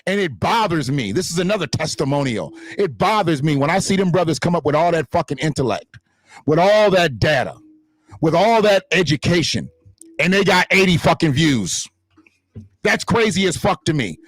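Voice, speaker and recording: A man rants on his livestream in a profane, emphatic way, his voice leaping up and down in a lively, slightly high register. The sound is dry and close, with no room echo. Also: moderate pace. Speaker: livestream host. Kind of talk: heated unscripted livestream rant. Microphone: desktop streaming mic in front of a green screen.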